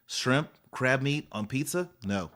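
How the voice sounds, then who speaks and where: A man's voice: medium pitch, expressive, slow pace, a bit bright. A man co-hosting a casual podcast, voicing firm opinions and acting out quoted people with laughter. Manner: emphatic, opinionated, acts out quoted voices with laughter. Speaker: podcast co-host.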